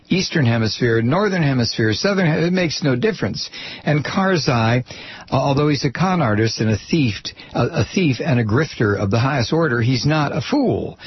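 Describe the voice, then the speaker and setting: A man's voice: medium pitch, slightly rough, dry recording, muffled recording. A man hosting his own program, delivering a blunt, sarcastic, rambling political commentary monologue.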